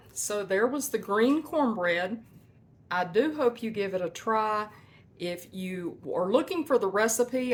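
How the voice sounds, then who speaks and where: A woman's voice: mid-range voice, slight background noise. A woman hosting a homestead cooking vlog from her kitchen, chatting to viewers in a folksy way. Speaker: homestead cooking channel host. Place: home kitchen.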